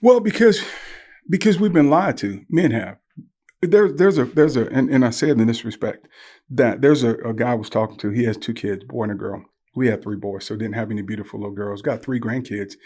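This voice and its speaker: An older man, a guest on a podcast interview, telling animated stories and acting out the voices he quotes. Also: medium pitch, brisk. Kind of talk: conversational interview.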